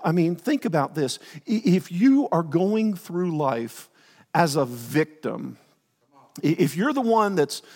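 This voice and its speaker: A man preaching in a church, his fairly high voice ringing out in a long hall reverb. He rambles, restarts his sentences and throws in joking asides to the congregation. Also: darkish tone. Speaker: pastor. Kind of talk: sermon. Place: church sanctuary.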